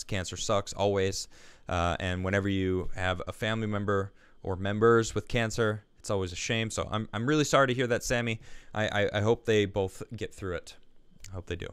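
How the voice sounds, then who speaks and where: A man's voice: fairly low pitch, a bit bright, smooth, dry recording. A man hosting a live stream, chatting casually and reading viewer messages aloud, laughing easily and restarting his sentences. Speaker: livestream show host.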